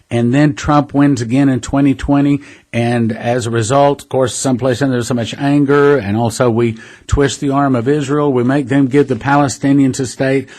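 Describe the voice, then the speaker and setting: A man's voice: medium pitch, a little mellow. A man hosting a prophecy ministry, giving an earnest, conversational preaching monologue and calling listeners brothers and sisters.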